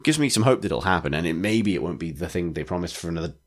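A man with a low, deep voice talks in casual podcast chat. He rambles enthusiastically, full of likes and restarts, as a regular co-host. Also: lively intonation, rapid-fire. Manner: rambling, enthusiastic, many fillers.

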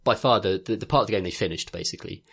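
A man's voice: deep voice, racing, vocal fry, a bit bright, slightly rough. A young man co-hosting a casual podcast chat, rambling with lots of fillers and laughter. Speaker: podcast co-host.

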